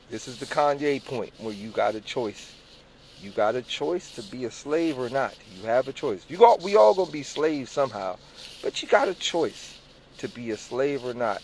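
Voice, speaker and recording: A man telling a personal story casually and profanely, swinging between loud bursts and hushed lines, acting out the voices in his anecdotes. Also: medium pitch, slight background noise. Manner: profane, repeats "on God"; acts out voices in quoted dialogue.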